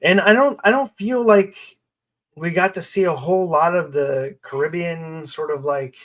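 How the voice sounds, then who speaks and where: A man co-hosting a podcast, talking loosely about a film with many fillers and quick asides. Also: a little high, fairly bright tone. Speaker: podcast co-host. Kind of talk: casual film discussion.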